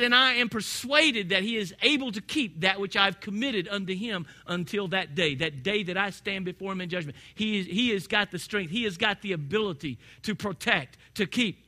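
A man's voice: high-pitched, moderate pace, pushed and bright. A man preaching a sermon in a conversational, storytelling way that builds to emphatic peaks. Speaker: pastor.

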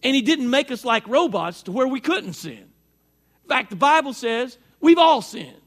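A high-pitched middle-aged man delivers a sermon as pastor, his voice strained by allergies. He preaches in a folksy, chatty way and talks back and forth with the congregation. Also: sing-song, unhurried, fairly bright tone.

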